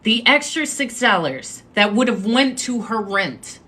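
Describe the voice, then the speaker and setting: A woman hosting a live stream, telling a story in a chatty, animated way and making asides to her viewers. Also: fairly high pitch, unhurried, breathy edge. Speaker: livestream host.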